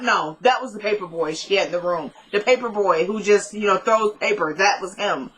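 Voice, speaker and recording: A young woman casually retelling a TV drama episode, quoting the characters' lines in quick back-and-forth and laughing at her own asides. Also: mid-range voice, expressive, fairly bright tone, slightly rough, low-quality recording. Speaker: TV episode recapper.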